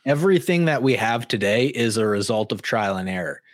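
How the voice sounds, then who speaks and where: A man's voice: fairly low pitch, expressive, a little fast, dry recording. Dry-sounding young man telling stories. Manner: storytelling, lots of fillers and restarts. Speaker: podcast co-host. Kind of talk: casual chat.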